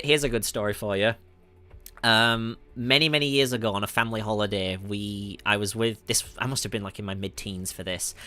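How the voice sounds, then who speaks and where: A man's voice: lowish voice, bright, forceful tone, clear, resonant tone. A man from the north of England with a Northern English accent, chatting through a livestream Q&A as a music producer, laughing often and correcting himself with lots of ums. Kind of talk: livestream Q&A, reading chat questions.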